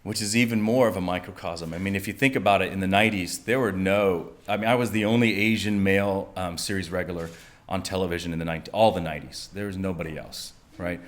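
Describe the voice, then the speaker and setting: On stage, a man from the US races through a personal story at a fast clip. He laughs a lot, stays animated throughout, and pitches his voice up high for the people he quotes, in classic live storytelling style.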